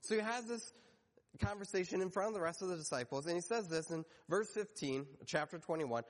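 A man's voice: high voice, brisk. A man preaching a sermon, telling the story and briefly acting out the voices in it. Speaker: pastor. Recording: long hall reverb.

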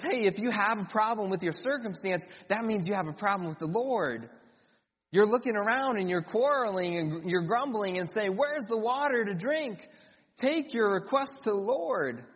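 A man's voice: high-pitched, slightly rough. A man preaching a sermon in a conversational way, with joking asides between scripture readings. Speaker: pastor. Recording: reverberant hall.

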